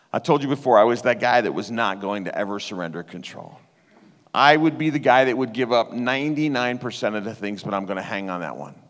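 A man preaching a sermon and sharing a personal testimony in an earnest, conversational way that turns emotional. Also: fairly low pitch. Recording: reverberant hall.

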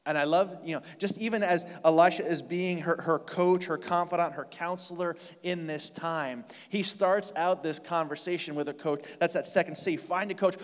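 An American man preaching a conversational sermon, asking rhetorical questions and moving from loud to hushed. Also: high voice. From United States. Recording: long hall reverb.

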